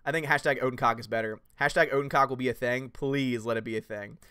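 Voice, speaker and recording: A man hosting a livestream, reading chat messages and answering in a casual, animated way with loud jokey outbursts. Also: mid-range voice, fast, clear, resonant tone, no echo, studio quality. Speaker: YouTube channel host reading live chat.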